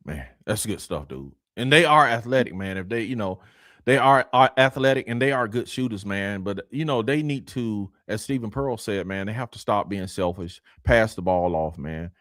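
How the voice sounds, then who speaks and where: A man hosting a casual sports talk show, animated and teasing, often asking "you know what I'm saying.". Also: lowish voice, normal speed, no room sound, studio quality. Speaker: podcast host.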